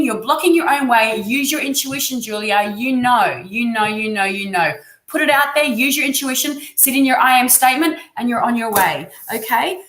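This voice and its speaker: Australian woman, high voice, gushing live-stream tarot reader, echoey room. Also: fairly bright tone, a little hiss or hum. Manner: effusive, encouraging.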